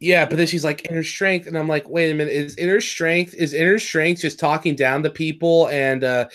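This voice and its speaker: A man's voice: on the high side, steady tone, brisk, fairly bright tone. A man co-hosting a casual episode review, rambling and correcting himself as he recaps and jokes. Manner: rambling, self-correcting, jokey. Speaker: podcast co-host.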